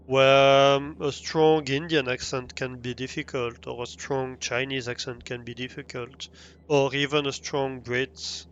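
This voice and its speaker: A man's voice: medium pitch, fairly bright tone, lo-fi sound, slight background noise. Chatty man with a French accent. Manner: rambling, many restarts and ums, laughs easily. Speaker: livestreamer. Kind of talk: casual chat while streaming a game.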